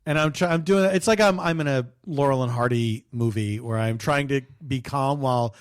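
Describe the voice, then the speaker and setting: A middle-aged man co-hosting a podcast, telling a story in a wry, animated way and laughing often. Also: mid-range voice, moderate pace, clean tone, dry recording, clean studio sound. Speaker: podcast co-host. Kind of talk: casual chat.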